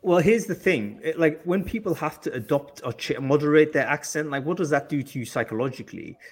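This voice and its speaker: A man hosting a live podcast, chatty and animated, asking guests about their experiences. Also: a little high, a little fast, breathy edge. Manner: chatty, lots of fillers and restarts, animated. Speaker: podcast host.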